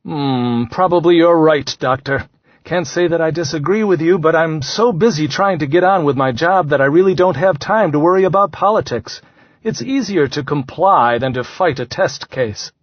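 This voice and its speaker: A man's voice: a little high, normal speed, no echo, lightly acted. A man voicing a mild, reasonable father in an audiobook. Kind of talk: audiobook character voice. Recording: slightly dull, dry recording.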